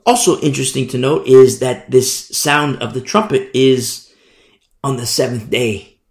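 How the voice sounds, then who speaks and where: A man's voice: mid-range voice, a little slow, gravelly, echoey room. A man preaching a Bible sermon in an emphatic, rhetorical way, often asking "you see?".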